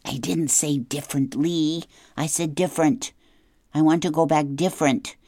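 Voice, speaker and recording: A woman's voice: deep voice, fairly even intonation, normal speed, dark tone, no echo, clean studio sound, pitched above the performer's own voice. A woman voicing a dramatic young girl runaway who is fussy about grammar, speaking in an earnest, whiny way. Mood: insistent.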